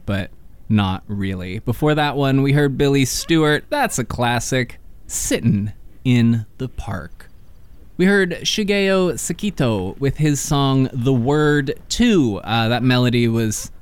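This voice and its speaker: A man's voice: medium pitch, clean tone. A man in his thirties hosting a radio music show in a laid-back, self-deprecating way, chatting casually between songs. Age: 30s.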